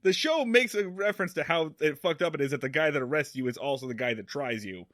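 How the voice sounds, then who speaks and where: Animated, bright-voiced man chatting on a podcast. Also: on the high side, fast, no room sound, clean studio sound. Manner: animated, swearing, laughing while talking. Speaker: podcast co-host. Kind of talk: casual chat.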